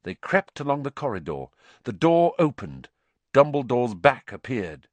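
A man narrating a storybook audiobook with expressive, varied reading. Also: mid-range voice, a little slow, no room sound.

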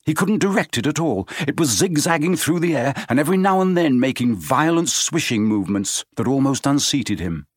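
A man narrating a story aloud, expressive and changing his pace as he reads. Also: medium pitch, a little fast, few pauses, no echo, studio quality. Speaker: audiobook narrator. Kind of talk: scripted narration.

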